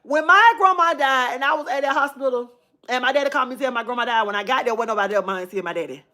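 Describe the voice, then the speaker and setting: A woman's voice: sits high, rapid-fire, bright, forceful tone. A woman, telling a personal story to her viewers in a chatty, emotional way. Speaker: vlogger.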